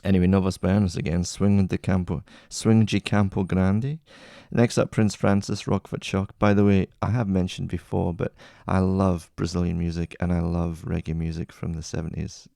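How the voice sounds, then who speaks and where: Low gravelly-voiced man listing songs. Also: moderate pace, no echo, studio quality. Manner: chatty, relaxed, enthusiastic asides. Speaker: music playlist host. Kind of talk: casual track-by-track rundown.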